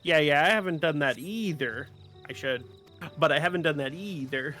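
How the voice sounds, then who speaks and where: A man's voice: a little high, moderate pace, bright, forceful tone, soft background music. A man chatting easily while playing a game with a friend, mostly giving short agreeable replies. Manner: easygoing, agreeable, brief replies. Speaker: co-player. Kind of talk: casual gameplay chat.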